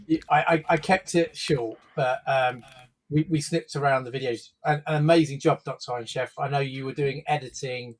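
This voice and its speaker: A man's voice: medium pitch, steady tone, normal speed, low-quality recording. Man, stream co-host, casual rambling chat full of fillers and restarts.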